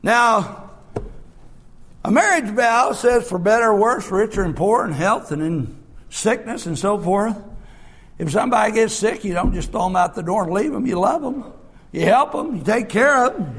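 A man preaching a sermon, shouting his points with drawn-out "uh" fillers, then dropping to soft, low asides.

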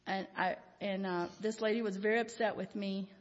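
A woman's voice: medium pitch, steady tone, moderate pace. An older woman giving an informal Christian devotional talk, telling rambling, folksy personal stories with frequent chuckles. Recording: reverberant hall, dull lo-fi sound.

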